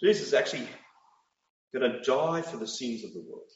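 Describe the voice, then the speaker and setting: A man's voice: medium pitch, expressive, brisk, a little hiss or hum. A middle-aged man preaching a sermon, emphatic and full of rhetorical questions. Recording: roomy, distant, dull sound.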